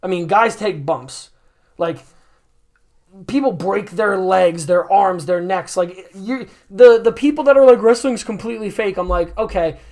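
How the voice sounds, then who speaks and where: High-voiced young man rambling on a podcast. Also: unhurried. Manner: rambling, animated, swearing, mimics people in quotes. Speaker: podcast host. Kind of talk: casual podcast chat.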